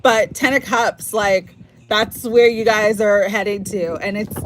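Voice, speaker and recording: A woman's voice: medium pitch, a little slow, noisy background. A woman giving a live-streamed tarot reading, effusive and emotional, at times close to tears. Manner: emotional, effusive, gets teary. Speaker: tarot reader.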